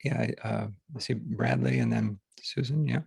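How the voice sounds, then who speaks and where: A man hosting a group session, talking casually and haltingly, with many fillers and restarts, over a video call. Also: medium pitch, fairly even intonation, vocal fry, a little mellow, slightly rough, no room sound. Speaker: workshop host. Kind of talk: casual teaching talk to a group.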